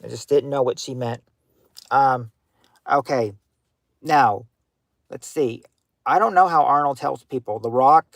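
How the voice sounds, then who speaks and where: A man hosting a casual livestream game night, giving clues to players in a halting way, full of ums and restarts. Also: mid-range voice, creaky, no echo. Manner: halting, hunts for words with many fillers; gives clues to players, talks to chat.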